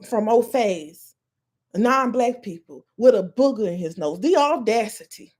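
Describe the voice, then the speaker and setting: A woman's voice: fairly high pitch, animated, measured pace, a little mellow. A woman podcast host on a live stream, ranting in a heated, profane way.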